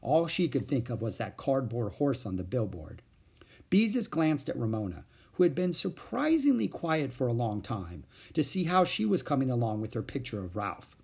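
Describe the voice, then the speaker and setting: A man's voice: medium pitch, normal speed, vocal fry, slightly rough. A man reading a children's book aloud, narrating expressively. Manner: expressive, animated voices. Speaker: storyteller.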